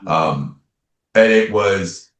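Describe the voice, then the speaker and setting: A man with a deep, low voice tells his story as a podcast guest. He speaks earnestly and casually, dropping "man" and "right?" between his sentences. The sound is roomy and echoey. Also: very slow, a bit bright. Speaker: podcast guest, medium and tarot reader.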